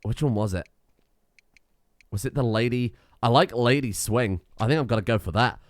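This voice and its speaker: A man's voice: mid-range voice, moderate pace, no room sound, clean studio sound. An English man casually commentating a video game as he plays, swearing often. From England. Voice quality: sweary, chuckling, offhand. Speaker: game streamer. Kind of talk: casual let's-play commentary.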